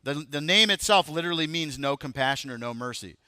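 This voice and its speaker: A man in his thirties preaches with a bright, forceful voice pitched a little high, keeping it chatty and joking. The sound is close and dry. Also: lively intonation, fairly quick, dry recording. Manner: conversational, jokes with the congregation. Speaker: pastor. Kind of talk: sermon.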